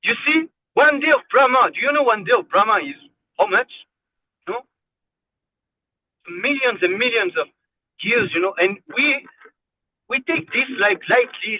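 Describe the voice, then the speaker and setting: A man's voice: high voice, big pitch swings, normal speed, long pauses, husky, dry recording. A man giving a devotional class, fervent and exhorting, repeating phrases for emphasis. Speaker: spiritual class speaker. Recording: tinny phone-like line, dry.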